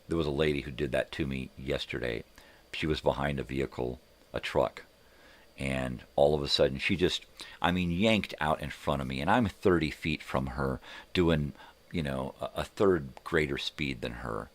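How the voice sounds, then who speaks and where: A man's voice: extremely low pitch, fairly bright tone. An older man hosting his morning show, telling heated, profanity-laced stories in a casual rant. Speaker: host of a morning live show. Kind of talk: casual ranting monologue.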